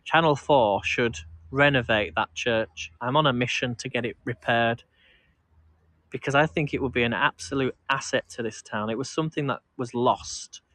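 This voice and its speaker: Chatty bright-voiced man. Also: mid-range voice, moderate pace, no echo. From England. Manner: chatty, rambling, frequent laughs and restarts. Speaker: vlog host. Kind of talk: casual live-stream chat while walking. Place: outdoors, town park.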